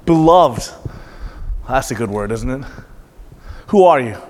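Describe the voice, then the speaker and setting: A man's voice: mid-range voice, expressive, unhurried, darkish tone, big-room sound. A pastor in his thirties preaching to a congregation, calling out questions and repeating back the answers with emphasis. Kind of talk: interactive sermon.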